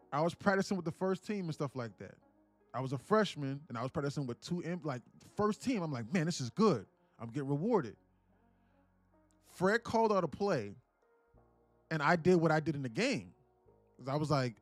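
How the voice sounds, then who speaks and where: A man's voice: fairly high pitch, no room sound. A man in his late twenties telling a story in a casual, profane, slangy way to a live stream chat. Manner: profane, slangy, animated retelling. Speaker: live-streaming day trader.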